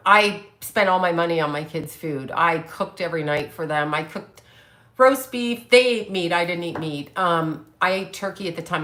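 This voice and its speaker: A woman in her late fifties talks straight to her livestream viewers, blunt, brash and quick to swear at commenters. Her voice is bright and forceful, sitting a little low for a woman. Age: 50s. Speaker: psychic medium livestream host. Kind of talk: casual livestream chat reading comments.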